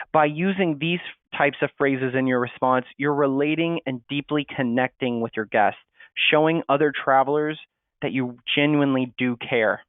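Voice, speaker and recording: This marketing webinar presenter has a medium-pitched voice and talks at normal speed, giving steady explanations and reading example replies out loud. His sound is dry and thin, almost phone-like.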